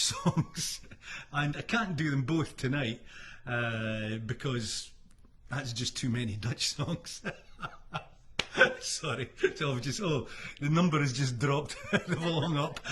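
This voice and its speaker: A man's voice: on the high side, slow pace, pushed and bright, slight background noise. A Scottish man with hay fever, chatting casually between songs on a livestream from home. He rambles, trails off with ums and chuckles often. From Scotland. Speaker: singer and musician hosting a livestream. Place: at home in Florida.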